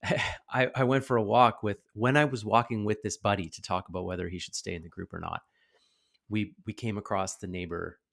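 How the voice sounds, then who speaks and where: A man in his thirties hosting a podcast, telling a story in a casual, animated way and acting out the voices of the people in it. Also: on the low side, fairly quick, gravelly. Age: 30s. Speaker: podcast host.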